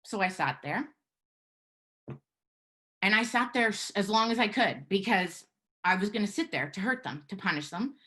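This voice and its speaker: A woman telling a personal story live, in an earnest, measured way with halting pauses. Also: medium pitch, lively intonation, pushed and bright. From Canada.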